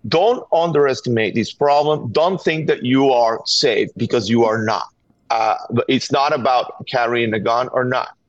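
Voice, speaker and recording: A man's voice: mid-range voice, normal speed, no echo. A middle-aged man from Venezuela with a Venezuelan Spanish accent, speaking earnestly and urgently as a guest, often repeating words as he presses a point. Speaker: guest, gun violence activist. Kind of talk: call-in interview. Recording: dull, dry remote line.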